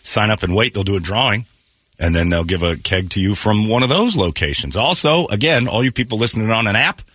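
A man's voice: lowish voice, animated, brisk, a bit bright, dry recording. A man hosting a casual morning radio show, congested from allergies, loose and jokey in a studio.

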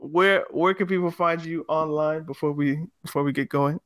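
A man hosting a casual football podcast, talking in a lively, jokey way. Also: on the high side, normal speed, dry recording. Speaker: podcast host.

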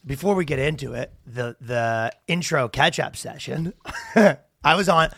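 A man's voice: medium pitch, measured pace, gravelly, husky, no echo, clean studio sound. A man co-hosting a podcast, chatting casually and acting out the people in his rants. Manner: animated storytelling with acted-out quotes. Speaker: podcast co-host. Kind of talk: casual comedic chat.

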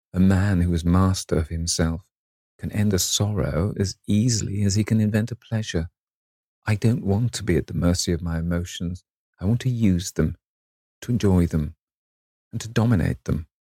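A man reading as a vain, callous young gentleman. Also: normal speed, dry recording, clean studio sound. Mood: dismissive. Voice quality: low gravelly husky voice. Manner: languid and mocking, with airy flourishes.

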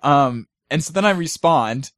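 A man's voice: on the high side, a little slow, no room sound, clean studio sound. Laid-back man hosting a gaming podcast. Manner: relaxed, laughs often, tells stories animatedly. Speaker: podcast host. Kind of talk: casual gaming podcast chat.

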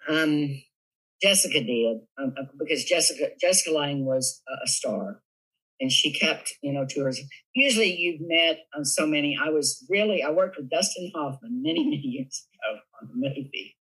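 A man with a Southern US accent, a guest telling funny stories in a giggly, animated way. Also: a little high, moderate pace, slightly rough, rough recording. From Tennessee, USA. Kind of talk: casual storytelling interview.

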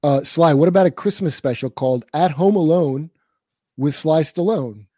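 Mellow laid-back sidekick man. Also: a little high, moderate pace, no echo, clean studio sound. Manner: laid-back, laughs often, reads viewer comments. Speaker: sidekick and co-host. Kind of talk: casual comedic banter.

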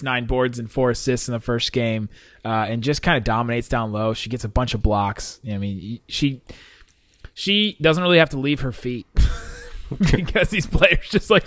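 A man's voice: medium pitch, a bit bright, dry recording. A man co-hosting a sports podcast, chatting casually with rambling asides and frequent laughs. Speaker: podcast co-host.

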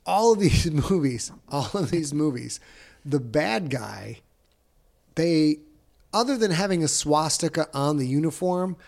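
A man's voice: a little high, measured pace, creaky. A man co-hosting a casual podcast chat, making emphatic, playful arguments. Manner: playful, emphatic, lively arguing. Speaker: podcast co-host.

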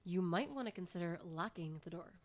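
A woman's voice: on the low side, lively intonation, fairly quick, natural voice. A woman voicing a foul-mouthed dead female rock star in an audio drama, blunt and sarcastic. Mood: dry.

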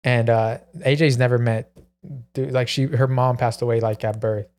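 A man's voice: medium pitch, little pitch movement, normal speed, darkish tone. Man, podcast co-host, casual rambling storytelling, filler-heavy. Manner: rambling, peppered with "like" and "bro".

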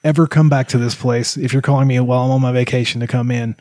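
A man's voice: mid-range voice, fairly even intonation, quick pace, darkish tone, no echo. A man co-hosting a casual podcast who talks with dry, sardonic humor. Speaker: podcast co-host. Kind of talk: casual chat.

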